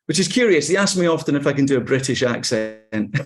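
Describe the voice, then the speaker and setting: A man's voice: mid-range voice, a little fast, faint music behind. Wry Scottish man in his forties. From Scotland. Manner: relaxed, wry, laughs easily, many ums and restarts. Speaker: actor guest. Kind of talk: casual interview chat.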